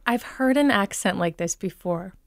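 Woman, light Minnesota accent, dialect coach, mid pitch, enthusiastic explainer, dry studio sound. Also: lively intonation, normal speed, creaky, no echo. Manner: enthusiastic, explanatory, frequent ums. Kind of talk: expert guest in radio talk.

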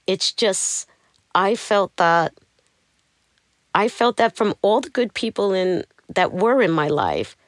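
A middle-aged woman telling her personal story in an interview, animated and acting out the people she quotes. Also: mid-range voice, no room sound, studio quality. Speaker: interview guest.

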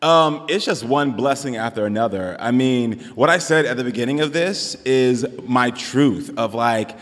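A man's voice: medium pitch, moderate pace, fairly bright tone. A man talking as the guest author in a live stage conversation, earnest, effusive and emotional. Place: large hall with live audience. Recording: live hall reverb, audience.

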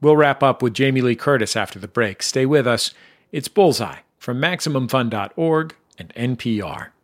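A man hosting a radio show, giving a smooth, measured broadcast delivery. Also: medium pitch, lively intonation. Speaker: radio host. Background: music bed.

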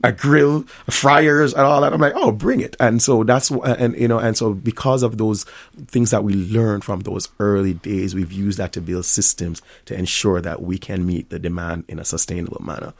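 Jamaican-accented man, middle-aged, low voice, upbeat, laughs easily, dry close sound. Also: flat delivery, moderate pace, a little mellow, no echo. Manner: upbeat, laughs often, acts out customers' voices. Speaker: restaurant owner and chef. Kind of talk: interview conversation.

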